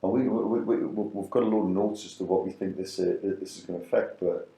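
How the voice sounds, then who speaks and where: Deep-voiced man, echoey room. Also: steady tone, brisk, vocal fry, warm tone. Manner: rambling, repeats words as he restarts. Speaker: business advisor, podcast co-host. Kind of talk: casual conversational podcast chat.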